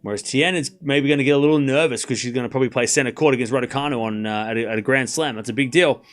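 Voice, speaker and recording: A man hosting a live tennis watchalong, calling the score and chatting casually with his viewers. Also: mid-range voice. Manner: chatty, talks straight to his live chat, with quick asides and restarts.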